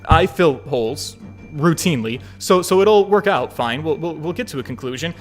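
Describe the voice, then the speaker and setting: Animated, high-voiced male streamer. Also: normal speed, soft background music. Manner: animated, joking, swears freely. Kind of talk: casual let's-play commentary.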